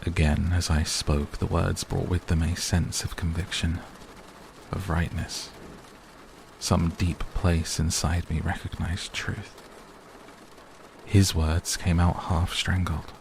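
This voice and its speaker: A male narrator reads a bedtime story slowly and soothingly. His voice is very deep and gravelly, and a faint patter of rain sits behind him. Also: level tone, slight background noise.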